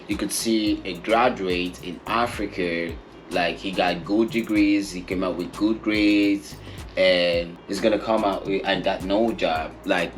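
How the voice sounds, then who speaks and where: A man's voice: low voice, fairly bright tone. A young man from Nigeria, co-host of a couple's channel, answering an interview question in an earnest, emphatic way and repeating his points.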